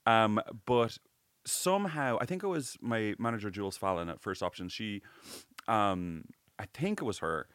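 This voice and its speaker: A man co-hosting a podcast, chatting casually with quick jokes and the odd swear word. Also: on the low side, lively intonation, fairly bright tone, smooth, dry recording, clean studio sound. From Ireland. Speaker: podcast co-host. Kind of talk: casual chat.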